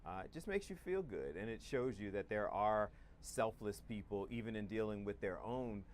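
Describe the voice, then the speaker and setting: A man's voice: fairly low pitch, expressive, normal speed, a little hiss or hum. A man anchoring live TV news, talking in a conversational, upbeat way as he wraps up a segment and throws to a break. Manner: conversational, upbeat wrap-ups.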